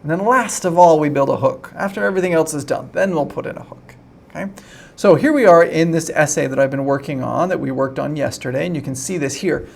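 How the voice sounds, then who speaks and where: A man's voice: on the high side, a little fast, vocal fry. A young man teaching an online English lesson in a chatty way, often checking in with "right?".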